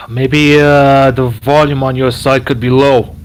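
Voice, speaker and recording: A man's voice: mid-range voice, flat delivery, slow, a little hiss or hum. A man in a voice call, chatting casually and repeating himself as he restarts his sentences. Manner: repetitive, restarts, reassuring. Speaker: voice chat guest. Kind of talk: casual chat. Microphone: computer headset over voice chat.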